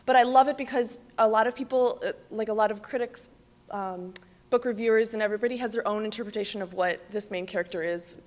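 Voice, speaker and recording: A woman giving a halting, filler-filled casual presentation about her illustration work. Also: medium pitch. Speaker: children's book illustrator. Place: library event hall. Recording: reverberant library hall.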